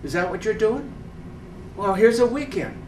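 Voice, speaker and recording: High-voiced man lecturing in an echoey room. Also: normal speed. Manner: lively, asks the audience rhetorical questions. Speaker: workshop leader. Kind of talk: lecture to a live workshop audience. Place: indoor workshop room. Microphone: far camera mic, no personal mic. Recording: echoey room from far off with faint noise.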